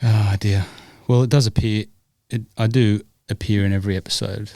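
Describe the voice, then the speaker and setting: A man's voice: on the low side, steady tone, moderate pace, creaky, a little mellow, no room sound. Rambling older Scottish man. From Scotland. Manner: rambling, self-deprecating, many fillers. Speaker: podcast co-host. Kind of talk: casual chat.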